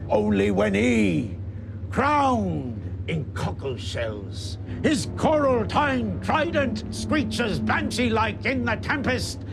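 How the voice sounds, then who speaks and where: A man's voice: high voice, sing-song, over music, heavily acted. An actor playing a wrathful, superstitious old male sea captain, bellowing archaic seafaring curses in a film drama. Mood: cursing. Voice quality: gravelly, archaic seafaring speech. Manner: roaring curses, slow and theatrical. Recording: film clip with score playing behind.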